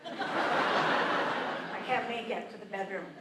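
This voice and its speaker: A woman's voice: medium pitch, takes it slowly, distant mic, noisy background. Older woman doing live stand-up, roomy. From Canada. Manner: self-deprecating, conversational with the crowd. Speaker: stand-up comedian. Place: theatre stage. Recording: roomy live venue mic, audience ambience.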